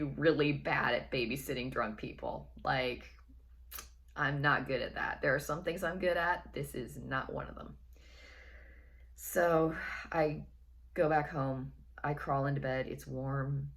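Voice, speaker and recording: Storytelling vlogger, woman with an unusually low voice, chatty and wry delivery. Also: unhurried, creaky, fairly bright tone. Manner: chatty, wry, repeats phrases for effect. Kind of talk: casual personal storytelling.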